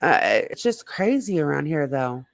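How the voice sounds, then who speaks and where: A slightly hoarse woman hosting a casual livestream, rambling and greeting viewers in the chat by name. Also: low voice, sing-song, measured pace, no echo. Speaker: livestream host.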